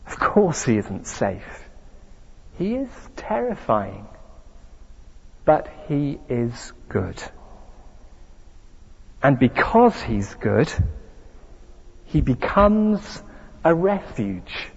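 A man's voice: medium pitch, very animated, drawn-out words, long pauses, husky. A man preaching a sermon, speaking emphatically and asking rhetorical questions. The recording is dull with a long hall reverb.

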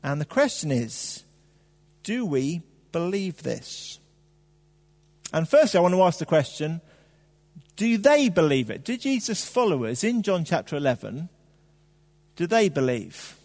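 A man preaching a sermon in a conversational, animated way, with fillers and rhetorical questions. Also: fairly high pitch, unhurried, pauses often, big-room sound.

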